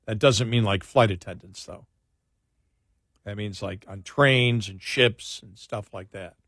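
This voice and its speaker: A man's voice: on the low side, unhurried, a bit bright, dry recording, studio quality. Chatty radio talk show host, a man. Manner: chatty, reads a list aloud with quips, speeds up when annoyed. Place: radio studio. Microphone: studio microphone.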